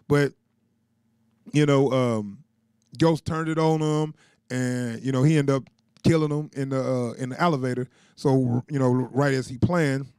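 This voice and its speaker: A man's voice: mid-range voice, darkish tone, clear, resonant tone, no echo, studio quality. A man giving a casual, loose recap of a TV episode, chuckling often and leaning on filler words. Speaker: TV show reviewer.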